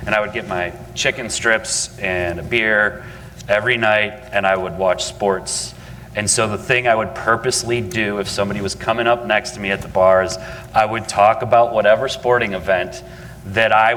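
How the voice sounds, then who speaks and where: A man's voice: on the low side, bright, forceful tone, slight background noise. A man who is a campaign consultant telling a chatty story on a panel and laughing at his own asides. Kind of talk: panel discussion, anecdote. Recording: long reverb in a large hall.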